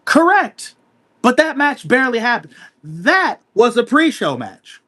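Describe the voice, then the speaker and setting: A man co-hosting a casual wrestling podcast, talking emphatically, repeating himself and filling pauses with "uh". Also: extremely high pitch. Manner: animated, emphatic, repeats himself with many fillers. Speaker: podcast co-host.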